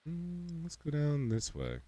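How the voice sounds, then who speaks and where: A man streaming a video game, giving casual commentary with wry, sarcastic asides and sudden excited outbursts. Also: a little high, measured pace.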